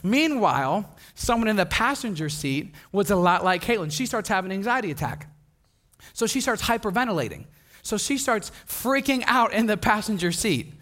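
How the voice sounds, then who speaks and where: A man's voice: high voice, normal speed. A young man from Wisconsin preaching a casual sermon, telling stories with laughter and acting out the people in them. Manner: animated, laughing, acts out voices of people in his stories. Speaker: pastor. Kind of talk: sermon with storytelling.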